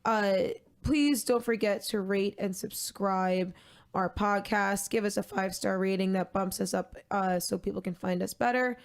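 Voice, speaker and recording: A young woman co-hosting a casual podcast chat. Her delivery is dry, deadpan and flat in tone, which she jokes about herself. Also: mid-range voice, moderate pace, smooth. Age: young adult. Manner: dry and deadpan, self-described monotone. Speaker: podcast co-host.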